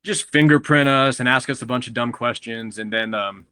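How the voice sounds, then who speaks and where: Bright-voiced Texan man telling stories. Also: medium pitch, moderate pace, smooth, no echo. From Texas. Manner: animated, acts out quotes of others, laughs often. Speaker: guest grower and breeder. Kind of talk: casual podcast storytelling.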